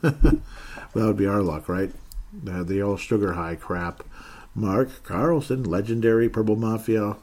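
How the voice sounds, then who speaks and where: A man's voice: fairly low pitch, measured pace, a little mellow. A man hosting a fan podcast, reading listener comments aloud in a casual, joking way and laughing often. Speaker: podcast host.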